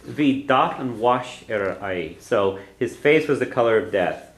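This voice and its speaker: In a classroom language lesson, a man patiently repeats phrases and quizzes his students, speaking at a measured pace with lively intonation and a medium pitch. The room is echoey, with faint background noise.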